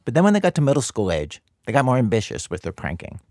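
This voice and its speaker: A man hosting a radio documentary show, delivering scripted narration in a measured, dry, conversational way. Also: mid-range voice, huge pitch swings, a little mellow, no echo.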